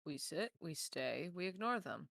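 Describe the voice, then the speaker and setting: A woman's voice: deep voice, sing-song, unhurried, gravelly, a bit bright, dry recording, clean studio sound. A woman playing a tabletop game, blunt and casual. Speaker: player. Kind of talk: tabletop role-play.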